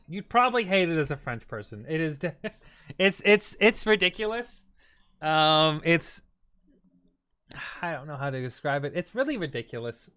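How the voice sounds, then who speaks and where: A young man streaming, chatting casually with viewers in a bubbly, excitable and self-deprecating way. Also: fairly high pitch, smooth.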